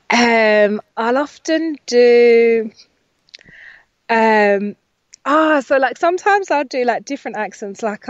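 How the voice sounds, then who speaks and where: A woman's voice: fairly high pitch, no room sound, lo-fi sound. A woman who works as a voiceover artist and speaking coach, chatting as an interview guest, rambling with lots of fillers and self-corrections. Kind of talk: casual interview chat.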